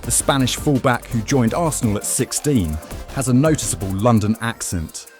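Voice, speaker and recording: A man reading scripted narration in an even, matter-of-fact way. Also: medium pitch, moderate pace. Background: music.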